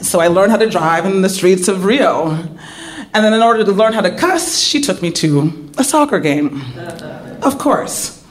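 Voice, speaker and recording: A woman telling a personal story live on stage, in an animated way, laughing often. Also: medium pitch, normal speed.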